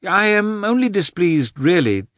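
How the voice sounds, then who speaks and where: A man voicing a guarded, weary aristocratic officer in an audiobook, speaking in a measured, placating way. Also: high voice, big pitch swings, fairly bright tone, no room sound, clean studio sound, voice pushed up, full character voice. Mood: defensive.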